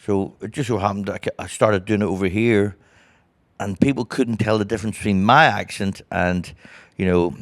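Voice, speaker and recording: Low-voiced Northern Irish storyteller. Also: male voice, moderate pace, no room sound. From Northern Ireland. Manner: animated storyteller who acts out other people's voices. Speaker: guest comedian. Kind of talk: casual storytelling interview.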